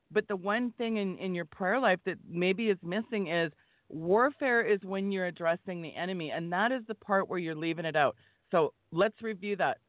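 A woman's voice: fairly low pitch, no room sound. Female guest, exhorting preacher style, phone-quality audio, dry. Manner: emphatic, exhorting. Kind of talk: fervent preaching-style talk. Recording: tinny phone line, dry.

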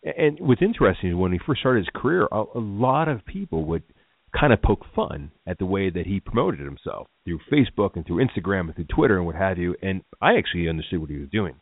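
A low-voiced man hosts a radio interview, his pitch swinging widely as he asks loose, chatty questions with stumbling repeats. The line sounds tinny and dry, as if over a phone. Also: fast talker, slightly rough, dry recording. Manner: lively, laughs often, stumbling repeats. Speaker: radio show host. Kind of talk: casual interview.

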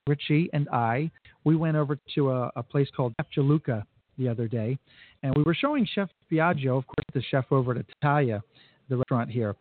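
A man hosting a radio show on location at a resort, chatting casually and enthusiastically, rambling a little. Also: mid-range voice. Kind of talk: casual on-air chat. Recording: tinny phone-like radio sound, dry.

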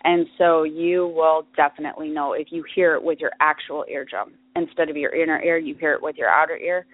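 This podcast host has a low voice and a brisk delivery. Recorded with dry, phone-like audio, she explains her topic in casual solo talk that's full of fillers and restarts.

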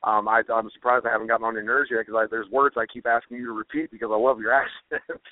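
A man's voice: medium pitch, fairly even intonation, no echo. A man from Ohio, a guest singer-songwriter, chatting in a friendly, agreeable way. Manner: friendly and encouraging, quick to agree. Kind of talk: casual chat. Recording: tinny dry phone line.

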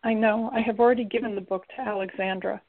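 An ancient giant guardian speaks calmly and in measured phrases, as a woman puts him on. There is gravel in the voice. The sound is thin and phone-like. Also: medium pitch, lightly acted. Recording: tinny lo-fi recording.

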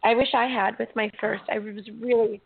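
A woman hosts a casual interview, her voice thin and tinny as if coming down a phone line. She sounds dry and close, with a gravelly edge. She is openly emotional and rambles through filler words and restarts. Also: a little high, fairly even intonation, normal speed, no room sound. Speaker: podcast host. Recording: tinny call audio.

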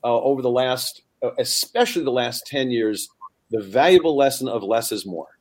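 A middle-aged man talking in a loose, chatty way as a guest. He tells stories and jokes and slips into voices for the people in them. His pitch sits in the middle range for a man. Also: moderate pace. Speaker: singer and guest. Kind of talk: casual chat with jokes.

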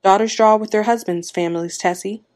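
A woman voicing a brisk, formal middle-aged man who runs a village lottery in a read-aloud story. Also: mid-range voice, fairly even intonation, a little mellow, lightly acted. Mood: businesslike. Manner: formal, businesslike.

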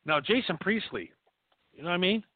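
Male co-host, high and animated, crude jokey rants; dry phone-like sound. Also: fairly quick, no room sound. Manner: ranting, crude jokes. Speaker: podcast co-host. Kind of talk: casual profane banter. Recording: dry tinny phone-like audio.

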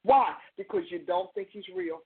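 A woman's voice: on the low side, animated, moderate pace. A woman host preaching in a loose, conversational way, driving her points home by repeating phrases. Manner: emphatic, repeats phrases for stress. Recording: tinny phone-line sound.

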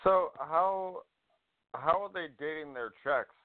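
A man's voice: fairly high pitch, slow pace, no room sound. A man co-hosting a casual call-in radio show who asks probing follow-up questions. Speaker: co-host. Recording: tinny phone line.

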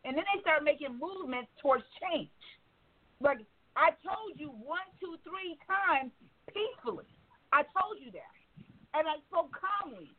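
A woman hosting a candid talk radio discussion, blunt and animated, swearing freely. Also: high-pitched, a little slow. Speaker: radio show host. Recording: tinny phone line with faint noise.

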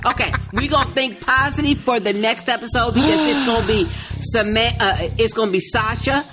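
A woman's voice: fairly high pitch, brisk, over music. A woman co-hosting a podcast in casual chat, exclaiming and laughing heartily. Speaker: podcast co-host.

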